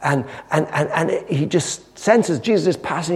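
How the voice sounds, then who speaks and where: A man preaching a sermon, retelling a story with lively, dramatic storytelling. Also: a little high, moderate pace, big-room sound. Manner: animated storytelling, acting out the scene.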